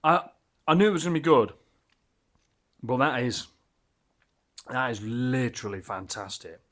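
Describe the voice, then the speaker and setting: A man's voice: mid-range voice, animated, measured pace, fairly bright tone. A man casually reviewing a beer as he tastes it, enthusiastic and rambling, with lots of fillers and restarts.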